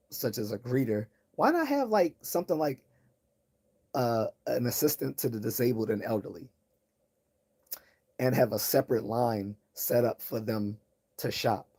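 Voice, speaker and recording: A man hosting a livestream, talking in a calm, low-key voice in a rambling, casual monologue full of restarts and tangents. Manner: tangent-prone, many restarts and repeated words. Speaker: livestream host.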